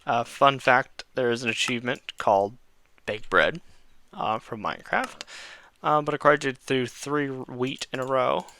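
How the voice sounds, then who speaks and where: A man's voice: mid-range voice, steady tone, normal speed, gravelly, bright, forceful tone. A man casually commenting while playing a building game, rambling, correcting himself and talking to his viewers. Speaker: gaming channel host.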